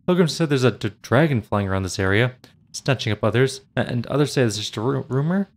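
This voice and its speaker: A man's voice: medium pitch, quick pace, natural voice. A man voicing a nervous young male cleric who stutters and pleads. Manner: stammering, pleading.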